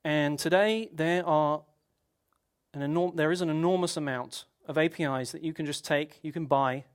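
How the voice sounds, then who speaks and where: A man's voice: a little high, moderate pace, clear, resonant tone. A man giving a technical conference talk, explaining at length with rhetorical questions and frequent restarts. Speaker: conference speaker.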